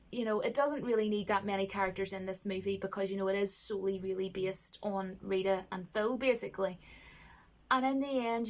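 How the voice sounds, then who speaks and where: A woman chatting to camera about a film she loves, gushing and animated, laughing often and mimicking lines in a higher voice. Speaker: vlogger reviewing a film. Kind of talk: casual chat to camera.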